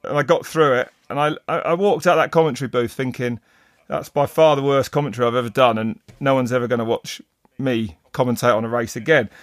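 A middle-aged man, a race commentator, telling stories in casual chat, rambling and animated with many restarts. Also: mid-range voice, no room sound, studio quality. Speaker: mountain bike race commentator. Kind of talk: casual podcast storytelling.

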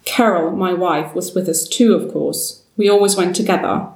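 A woman's voice: fairly low pitch, normal speed, creaky, a little mellow. A woman voicing a grieving, weary old man who speaks in a trembling, sorrowful way, recorded from a distance in a roomy space. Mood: wistful.

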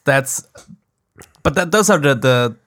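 A German man, whose first language is German, co-hosts an English-language podcast in a casual chat, speaking hesitantly and searching for words with lots of fillers. His mid-range voice is a bit bright and lively in intonation, he takes it slowly, and there's no echo.

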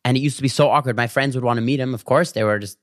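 Male vlogger, mid-range voice, animated comic storyteller, bone-dry close recording. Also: medium pitch, no echo. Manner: animated storytelling with quick asides and bursts of laughter. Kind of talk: casual comedic monologue to camera.

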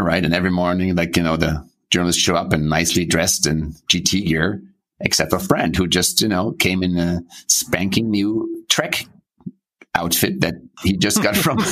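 A man's voice: sits low, fairly bright tone. A man hosting a podcast interview, chatting, reminiscing and asking questions. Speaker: podcast host. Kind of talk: casual interview.

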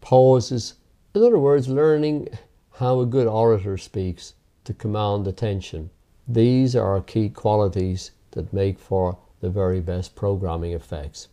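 A man who teaches hypnotherapy, explaining its methods in a measured, emphatic interview. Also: on the low side, warm tone.

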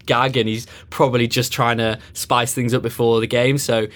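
A man's voice: mid-range voice, level tone, normal speed, a bit bright. A man on a football panel in a studio, laid-back and self-mocking, often hedging what he says. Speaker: pundit guest. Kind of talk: casual football chat.

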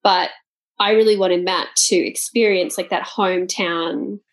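A woman's voice: on the low side, fairly even intonation, measured pace. A woman co-hosting a casual podcast chat, talking freely with many fillers and frequent laughs. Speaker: podcast co-host.

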